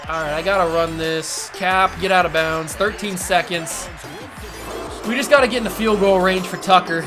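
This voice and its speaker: A man calls his own football video game in a loose, excitable let's-play commentary that now and then jumps to shouting. Clear music plays underneath his voice. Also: sits high. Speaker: gaming YouTuber.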